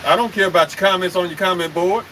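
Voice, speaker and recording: A man's voice: sits high, fast talker, fairly bright tone, slight background noise, poor audio. A man preaching on a live stream, emphatic and confrontational, firing off rhetorical questions and cursing.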